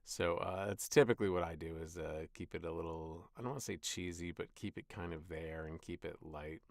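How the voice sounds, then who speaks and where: Deep gravelly-voiced man recording voiceover. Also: fairly even intonation, a little fast, dry recording, clean studio sound. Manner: reads scripted lines, then chats loosely about his delivery. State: tired voice. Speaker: voice actor. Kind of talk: voiceover session with casual commentary.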